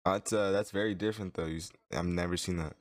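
Low-voiced man, teasing podcast banter. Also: steady tone, fast talker, no room sound, studio quality. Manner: joking, teasing, drawling. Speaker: podcast co-host. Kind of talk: casual chat.

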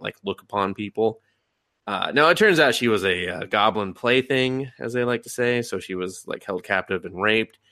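A man's voice: on the low side, no echo, studio quality. A young man co-hosting a podcast, casually recapping an anime with lots of swearing and acted-out reactions. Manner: animated, profane, acts out reactions in voices. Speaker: podcast co-host.

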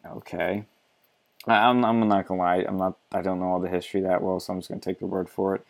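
Brief: low-pitched male commentator, sarcastic and mocking, swears freely. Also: little pitch movement, fast, vocal fry, darkish tone. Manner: sarcastic, mocking, swears often, laughs between remarks. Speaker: commentator reacting to an article. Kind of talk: reading aloud and ranting commentary.

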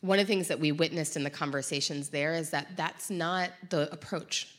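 A woman's voice: low voice, steady tone, moderate pace, a bit bright. A woman speaking in a reflective conversation, thoughtful and often searching for the right words.

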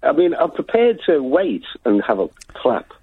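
A man's voice: a little high, big pitch swings, moderate pace, slightly rough, no echo. A man with a Liverpool accent calling into a radio show, chatty and self-deprecating. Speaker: caller. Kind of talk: casual phone-in call. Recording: phone line.

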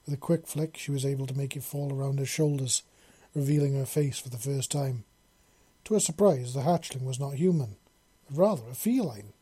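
A man narrating a story in a steady reading voice. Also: medium pitch, a little fast, slightly rough.

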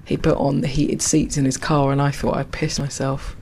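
A woman's voice: extremely low pitch, flat delivery, moderate pace, darkish tone, slight background noise. A woman telling reflective, poetic stories with wry asides while walking outdoors along a canal. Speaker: storyteller. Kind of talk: reflective spoken-word storytelling.

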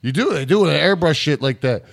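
A man's voice: a little high, expressive, brisk, vocal fry. A man co-hosting a podcast in casual chat, telling rambling stories with frequent laughs and swearing. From Michigan, US. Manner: rambling, laughing, profane storytelling. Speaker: podcast co-host.

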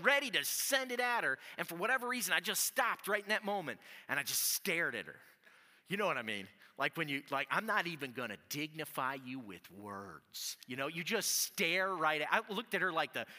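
A man preaching as a pastor, telling stories in a chatty, animated way full of "like" fillers, in a church. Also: high-pitched, brisk. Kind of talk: conversational sermon with storytelling. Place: church sanctuary. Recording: long reverb of a church hall.

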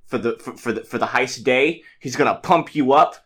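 A man's voice: medium pitch, moderate pace, fairly bright tone, breathy edge. A man in a casual chat, teasing the others with wry jokes.

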